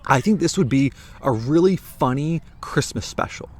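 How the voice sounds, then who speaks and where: Animated, chatty American man. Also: mid-range voice, normal speed. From United States. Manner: animated, chatty, rambling with restarts. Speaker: book reviewer. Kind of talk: casual talk to camera.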